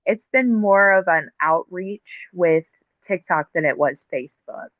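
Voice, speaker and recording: A woman guest explaining how she runs her live streams, in a casual, halting way with lots of fillers. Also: on the low side, dry recording. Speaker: podcast guest, TikTok live host. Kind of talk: casual conversational interview. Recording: tinny phone-like line.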